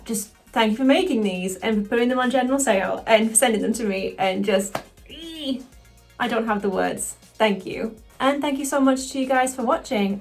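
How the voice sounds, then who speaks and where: A woman chatting casually through a makeup tutorial, excitable and quick to swear. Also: a little high. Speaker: cosplayer doing a makeup tutorial.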